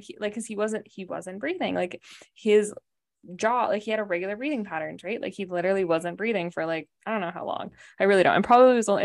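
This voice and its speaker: A woman from Canada chatting on a podcast, telling a story in a rambling way, full of "like" and "right?". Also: medium pitch. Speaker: podcast co-host. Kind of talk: casual chat.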